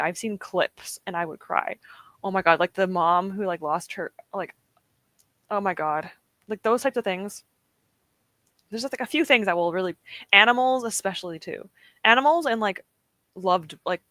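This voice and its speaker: A woman's voice: on the low side, a bit bright, no room sound. A young woman hosting a reading stream, chatting casually and reading out viewer comments with frequent giggles. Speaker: livestream host.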